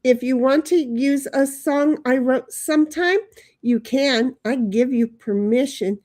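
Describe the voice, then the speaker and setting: This woman hosts a livestream, chatting casually and reading out viewer comments. She rambles from story to story, laughs often, and her voice sits a bit high. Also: a little slow, a little mellow. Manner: rambling, laughs often, breaks into sung jingles. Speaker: livestream host.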